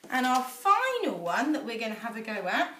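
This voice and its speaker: A woman's voice: on the high side, sing-song, moderate pace, pushed and bright, a little hiss or hum. A young woman teaching phonics to small children, sounding out letters in a sing-song voice at home. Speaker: infant school teacher. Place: home, echoey room. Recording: echoey room, voice a little far off.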